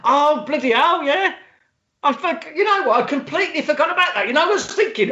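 Excitable man, podcast co-host, high, bouncy voice, muffled lo-fi sound. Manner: excitable, quick to exclaim and laugh. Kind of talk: casual film podcast chat. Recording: dull lo-fi sound.

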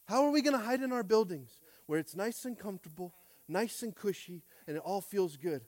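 A male pastor delivering a sermon, casual and conversational, who moves between loud calls and quiet asides and keeps asking the congregation for a response. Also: high voice, fairly quick, no room sound. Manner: animated preaching, swinging from shouts to quiet asides; casual, conversational phrasing with frequent restarts.

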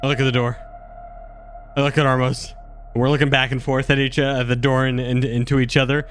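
A man's voice: mid-range voice, flat delivery, brisk, a bit bright, soft background music. A man playing a tabletop game, casual and a little hesitant. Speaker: player.

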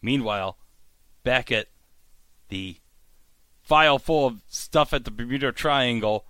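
A man hosting a podcast, casually recapping a TV episode and acting out the characters' lines in animated bursts. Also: medium pitch, a little slow, clear, resonant tone, no echo. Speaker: podcast host.

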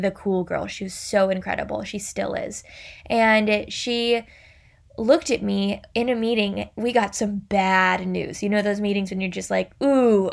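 A young adult woman hosting a faith and business podcast, chatty and animated, acting out quotes as she tells stories. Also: mid-range voice, creaky. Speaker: podcast host.

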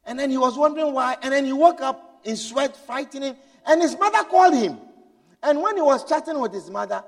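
A man preaching a sermon, swinging between loud, urgent exhortation and low, hushed storytelling. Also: lively intonation, fairly quick, big-room sound.

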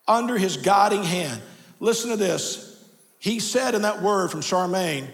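A middle-aged male pastor, preaching a sermon that moves from quiet storytelling to shouted preaching. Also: high-pitched, animated, moderate pace. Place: church sanctuary. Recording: reverberant church sanctuary.

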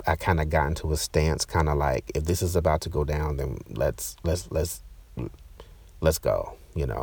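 Deep-voiced man telling an intense story. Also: darkish tone, no room sound. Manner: intense, emotional, halting with repeats. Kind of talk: personal storytelling.

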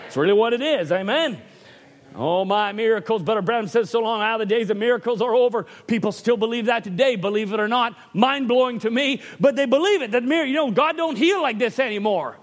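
A man preaching a sermon in church, animated and often asking for an "Amen". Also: extremely high pitch, fairly quick.

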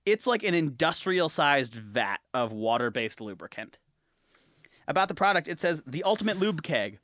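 A man co-hosting a podcast, jokey and animated, with a voice that swings up and down in lively bursts. The sound is dry and close, with no room around it. He laughs often and keeps the banter loose. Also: a little high, normal speed, no echo. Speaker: podcast co-host. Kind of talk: casual banter.

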